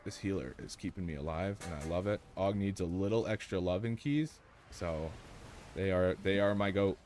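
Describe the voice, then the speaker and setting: A man streaming a game live, joking excitedly with his chat and teammates as he plays. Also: low-pitched, normal speed, soft background music. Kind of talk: live gameplay commentary.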